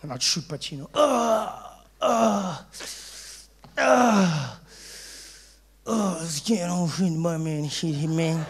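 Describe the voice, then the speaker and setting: A man doing stand-up comedy, telling a story and acting out characters with sudden loud shouts. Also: fairly high pitch, expressive, takes it slowly, long pauses, slightly rough.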